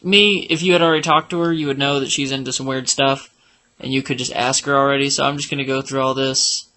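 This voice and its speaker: Speaking quickly in a steady, sharp mid-range voice, a man provides rambling gameplay commentary for a walkthrough. He jokes around and hums and sings while playing.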